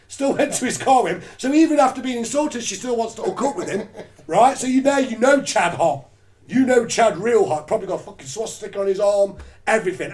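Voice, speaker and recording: A man co-hosting a crude comedy chat, animated and mocking, swearing a lot. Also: high-pitched. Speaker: co-host.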